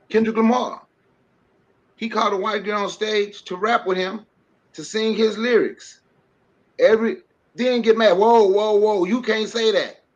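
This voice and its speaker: Male panelist, passionate preachy delivery, slightly high pitch, dull stream sound. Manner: impassioned, preachy, with rhetorical questions and laughs. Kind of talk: livestream podcast commentary.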